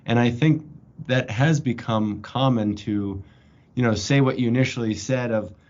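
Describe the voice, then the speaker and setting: A man's voice: mid-range voice, normal speed, a little mellow, muffled recording. A man, a psychiatrist hosting an interview, who responds with affirming comments.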